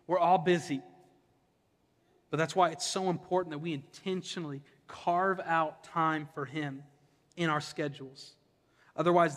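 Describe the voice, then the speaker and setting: A man's voice: fairly high pitch, in a large hall. A young adult man from Ohio preaching a sermon, conversational and impassioned, with humorous personal stories. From Ohio, USA. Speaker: pastor. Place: church sanctuary.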